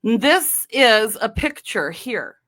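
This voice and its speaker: A woman's voice: fairly high pitch, sing-song, takes it slowly, fairly bright tone. A woman from North Dakota hosting her own podcast, talking casually in a meandering way, with many fillers and restarts. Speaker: podcast host. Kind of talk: casual solo podcast chat.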